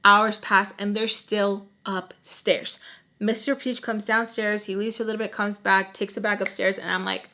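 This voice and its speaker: A young woman relates a casual vlog storytime in a mid-range voice that sounds pushed and bright, at normal speed with fairly even intonation. She's chatty and says "like" a lot, uses bits of Spanish, and acts out the characters with voice changes.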